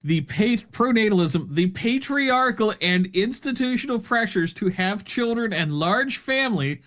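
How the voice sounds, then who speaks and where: This is a man with a notably high voice, co-hosting a podcast from an online voice call. He reads a text aloud in a mock-earnest, faintly theatrical tone, breaking into laughter often. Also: expressive, a little slow, fairly bright tone. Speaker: podcast co-host. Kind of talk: casual chat, reading a text aloud.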